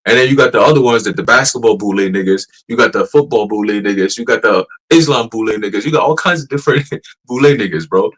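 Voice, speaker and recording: A man teaching casually on a church livestream, profane and animated, laughing and mocking as he talks. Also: lowish voice, fast talker, breathy edge, rough recording.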